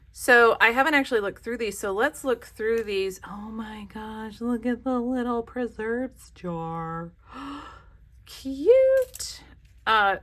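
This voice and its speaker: Bright chatty craft vlogger woman. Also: fairly low pitch. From American South. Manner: chatty, gushing, self-deprecating. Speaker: craft channel host. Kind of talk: casual crafting vlog.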